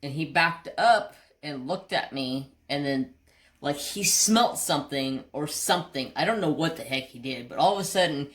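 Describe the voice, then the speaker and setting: A woman hosting a craft channel, telling a rambling, animated story with mild cursing. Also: low-pitched, moderate pace. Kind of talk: casual storytelling while crafting.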